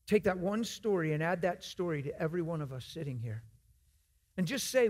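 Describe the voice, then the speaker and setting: Fairly quick and expressive, this guest preacher's voice sits a little high. He tells a story from the pulpit of a church in a storytelling sermon, keeping things earnest and conversational.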